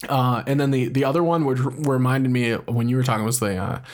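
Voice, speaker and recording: A man's voice: medium pitch, fairly even intonation, fairly quick, darkish tone. A man in casual podcast chat, telling stories animatedly, acting out the voices of people he describes and swearing freely.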